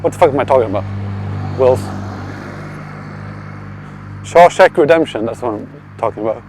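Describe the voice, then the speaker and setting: Expressive and darkish, this Swedish man's mid-range voice moves at normal speed as he live-streams a night walk along a city street. He rambles and swears, restarts, and answers chat by reading it aloud, with traffic and street noise faintly in the background.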